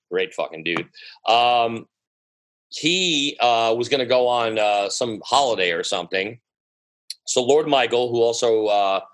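American man, guest DJ, New sound, bright voice, animated storyteller who swears freely, casual interview telling. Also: fairly low pitch, poor audio. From United States. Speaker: guest DJ and producer.

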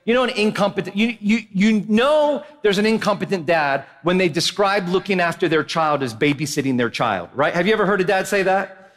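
Animated preacher in a reverberant church. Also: male voice, sits high, fairly quick. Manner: animated, jokey, asks the crowd "right?". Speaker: pastor. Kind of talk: sermon with comic storytelling. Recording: long hall reverb of a church.

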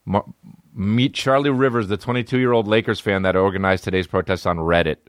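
His voice is on the low side with fairly even intonation and a brisk pace, captured as clean studio sound with no room sound. As a male comedy podcast host, he rambles in a crude, profane, mocking way, mumbling one moment and bursting out the next.

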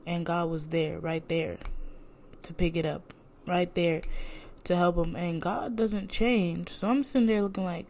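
Low-voiced young woman, candid faith talk. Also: steady tone, unhurried, darkish tone. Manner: candid, talks to herself aloud, lots of "like". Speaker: podcast host.

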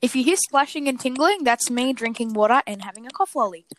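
A woman with a nagging cough hosts a casual podcast chat. Her voice sits a little high and swings up and down a lot. She keeps apologising for the disruptions. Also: expressive, fast talker, slight background noise. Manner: apologetic, keeps excusing interruptions. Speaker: podcast host.

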